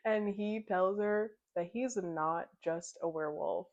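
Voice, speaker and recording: A woman's voice: medium pitch, slow pace. A woman casually recapping a novel in a chatty, giggly way, slipping into the characters' lines as she retells the plot. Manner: chatty retelling, slips into quoted dialogue. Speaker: book club vlogger.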